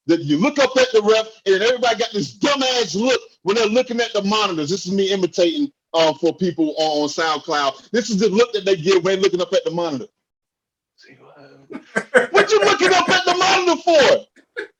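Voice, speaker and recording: A man co-hosting a sports podcast, ranting heatedly and often yelling. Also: high-pitched, slightly rough, dull audio. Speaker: podcast co-host.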